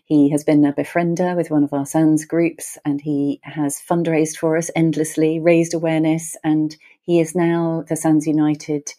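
A woman's voice: deep voice, level tone, moderate pace, few pauses, warm tone. A woman podcast host introducing a guest, laughing lightly as she speaks.

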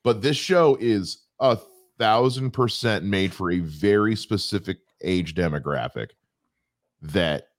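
A low-pitched man co-hosts a podcast in a casual, wry chat, restarting his sentences as he goes. His voice swings widely in pitch. The sound is dry and close, with no room around it. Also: expressive, measured pace, dry recording. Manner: rambling, wry, many restarts. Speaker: podcast co-host.

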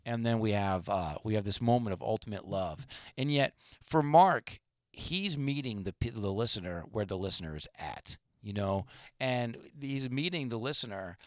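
A man's voice: lowish voice, lively intonation, moderate pace, no room sound, studio quality. A man co-hosting a podcast, talking in a casual, rambling way with many fillers and restarts. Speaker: podcast co-host. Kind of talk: casual discussion.

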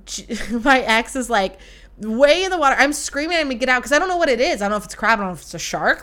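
A young woman hosting a podcast, telling a story in a casual, animated and profane way. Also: a little high, very fast. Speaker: podcast host.

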